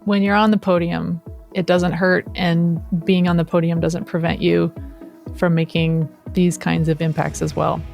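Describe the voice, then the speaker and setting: A woman hosting a podcast, chatting casually and gently affirming her guest. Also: on the low side, little pitch movement, normal speed, gravelly, soft background music. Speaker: podcast host. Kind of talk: casual interview chat.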